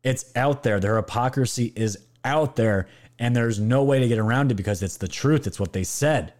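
Male commentary host, mid-pitched, sarcastic and emphatic, talks straight to his audience. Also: moderate pace, darkish tone. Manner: mocking, incredulous, emphatic. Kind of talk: reacting to clips, direct address to viewers.

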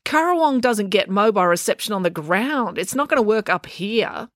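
A woman's voice: mid-range voice, lively intonation, normal speed, dry recording, studio quality, close to an everyday voice. A woman voicing a blunt, matter-of-fact younger boy in a storybook reading. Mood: dry. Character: young, blunt, practical little brother.

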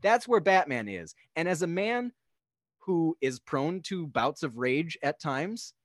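Animated man riffing on a film. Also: fairly high pitch, takes it slowly, no echo, clean studio sound. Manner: rambling, animated, acts out characters' lines. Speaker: podcast guest. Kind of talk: casual film discussion.

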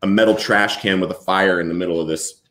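A man as an interview guest, telling a personal recovery story in an earnest, halting way with many restarts. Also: low voice, steady tone, a bit bright, echoey room.

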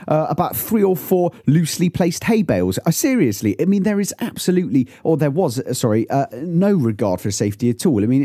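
Mellow-voiced man, earnest and halting. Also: a little high, no echo, clean studio sound. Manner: hesitant, many restarts, earnest. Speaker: podcast panelist. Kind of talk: casual discussion.

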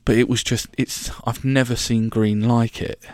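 A man's voice: medium pitch, little pitch movement, normal speed, a little mellow, dry recording, clean studio sound. A young man telling a rambling, sweary story about his travels as a podcast host. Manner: chatty, rambling, sweary, full of restarts. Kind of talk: casual storytelling monologue.

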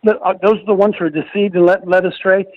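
A man's voice: high-pitched, fairly even intonation, quick pace, dry recording. An older man hosting a Christian radio talk show, preachy and emphatic, repeating phrases for stress, with a dull dry studio sound. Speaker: radio host, ministry leader.

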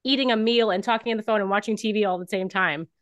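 Woman, podcast guest, earnest, reflective, mid pitch, dry close recording. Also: fast, no echo, muffled recording. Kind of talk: casual conversational interview.

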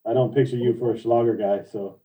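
A man's voice: mid-range voice, fairly even intonation, fast, recorded from a distance, dull audio. A man co-hosting a video chat, crude and wisecracking. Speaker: podcast co-host. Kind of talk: casual video call chat. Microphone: video call.

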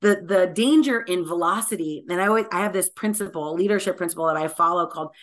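A woman's voice: on the low side, fast. A woman being interviewed as a tech guest, talking energetically with lots of filler words. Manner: energetic and talkative, many "like" fillers. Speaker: guest technologist. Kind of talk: conversational podcast interview.

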